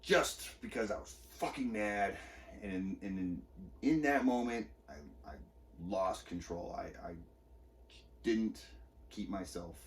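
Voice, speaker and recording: Low-voiced man venting about an argument. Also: darkish tone, far from the mic. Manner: candid, profane, agitated retelling. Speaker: podcast host. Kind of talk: personal monologue.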